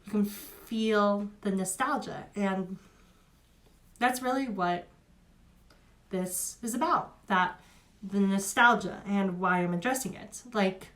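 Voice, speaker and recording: A woman's voice: medium pitch, fairly bright tone. A young woman giving a casual spoken review, chatty and emotional, with many fillers and restarts.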